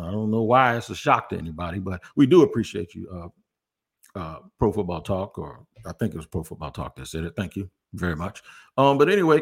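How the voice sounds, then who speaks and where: A man hosting a casual sports talk show, speaking in a chatty, conversational way with wry asides. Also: fairly low pitch. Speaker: sports podcast host.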